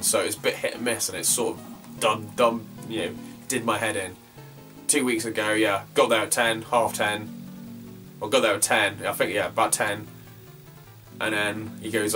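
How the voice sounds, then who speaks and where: A man's voice: lowish voice, flat delivery, brisk, sharp tone, distant mic. A young man rambles through his latest retro game finds, swearing freely as he goes. He sits some way back from the mic, with faint guitar music playing behind him. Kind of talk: casual vlog chat.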